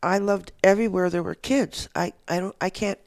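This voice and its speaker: A woman's voice: medium pitch, fairly quick, a little mellow, no room sound. An older woman, a guest in a podcast interview, telling stories in a rambling, enthusiastic way. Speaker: guest, action sports show organizer. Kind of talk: casual interview chat.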